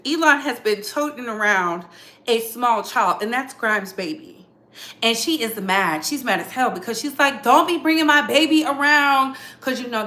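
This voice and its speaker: A woman's voice: a little high, sharp tone, roomy sound. A woman hosting casual celebrity gossip commentary, sassy and emphatic, repeating lines for effect. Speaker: commentary channel host.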